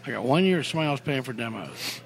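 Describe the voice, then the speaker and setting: A middle-aged man, a songwriter guest, telling career stories in a casual interview, animated, rambling and full of swearing. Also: mid-range voice, racing, gravelly. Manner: animated, profane, rambling storyteller.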